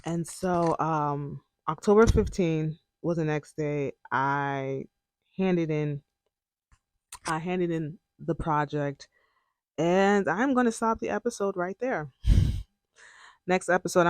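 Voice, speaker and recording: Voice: medium pitch, a little slow, dry recording. A young adult podcast host candidly retelling a personal story in a casual, emotional way, often quoting their own past words. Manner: candid and emotional, breaks into laughs and tears.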